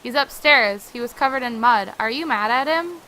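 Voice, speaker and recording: A woman voicing an anxious young brother who talks in a fussy, rushed, repetitive way. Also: on the high side, expressive, sharp tone, slight background noise, low-quality recording. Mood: fretful. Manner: fussy, rushed, repeats himself. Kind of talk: reading game dialogue aloud.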